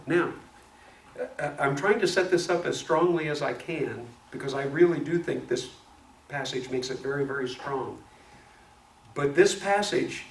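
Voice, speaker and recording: Gravelly guy leading a bible study, stumbles and restarts a lot, roomy sound w/ a little hiss. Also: mid-range voice. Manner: animated storytelling with frequent restarts and stammers. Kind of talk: casual Bible study teaching. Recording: echoey room, mic at a distance, faint noise.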